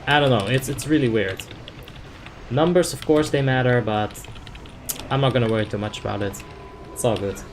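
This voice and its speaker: A man's voice: medium pitch, moderate pace, pauses often, soft background music. A young man casually commenting on his gameplay, reading chat aloud and explaining tactics in a laid-back, filler-heavy way. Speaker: game streamer.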